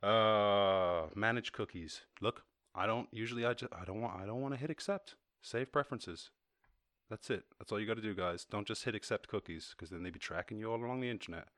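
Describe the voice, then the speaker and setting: A man with an Irish accent, a podcast host and software developer, ranting casually in a profane, sarcastic, animated way. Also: fairly low pitch, a little fast, no room sound, studio quality. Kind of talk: casual rant.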